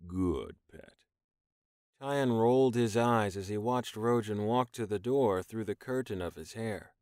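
A man reading an audiobook in even, measured scripted narration. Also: fairly low pitch, clear, resonant tone, dry recording, clean studio sound.

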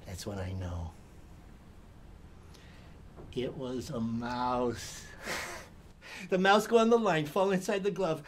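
An older man from Hawaii tells a spooky tale for children in a thick Hawaiian Pidgin accent. His delivery is theatrical, sinking to hushed tones and then rising with excitement. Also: medium pitch, slow, pauses often, noisy background. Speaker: storyteller. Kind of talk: spooky story for kids.

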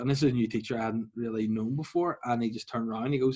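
Husky young man telling a story. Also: medium pitch, racing, hardly any pauses. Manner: animated, laughing, acts out quoted voices. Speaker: podcast co-host. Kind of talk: casual storytelling chat.

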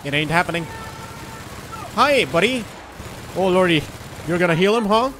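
A young man giving casual, excitable let's-play commentary while he plays, swearing and joking. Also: high-pitched, normal speed, noisy background. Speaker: gaming YouTuber.

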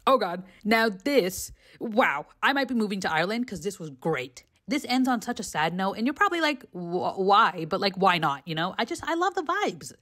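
Animated, swearing young woman reviewing films. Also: medium pitch, fairly quick, hardly any pauses. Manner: animated, profane, gushing. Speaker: film reviewer vlogger. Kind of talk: casual film review vlog.

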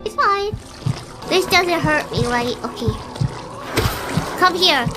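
A young woman streaming a game, chatting excitably and bursting into squeals and panicked shouts. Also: very high voice, slow, over loud music. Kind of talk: live gameplay commentary.

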